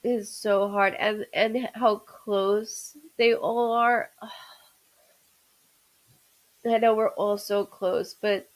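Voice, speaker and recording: A woman's voice: medium pitch, fairly even intonation, drawn-out words, pauses often, poor audio. A woman hosting a live stream, emotional and apologetic, choked up and stuffed up from crying. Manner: emotional, apologetic, talks through tears. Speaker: livestream host. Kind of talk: live-stream chat with viewers.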